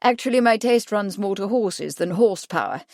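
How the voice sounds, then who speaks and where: A woman reading the lines of a genial, wealthy gentleman fond of hunting. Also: mid-range voice, lively intonation, normal speed, no echo, clean studio sound, lightly acted. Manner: genial, objecting politely.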